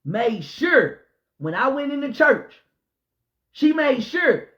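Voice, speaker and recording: A man with a very high voice preaches in a heated rant, hammering his points by repeating them. He jumps from loud shouted declarations down to low muttered remarks. The recording sounds dull and lo-fi. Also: very animated, takes it slowly. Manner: repetitive, emphatic, call-out delivery. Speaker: pastor. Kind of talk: impassioned preaching rant to camera.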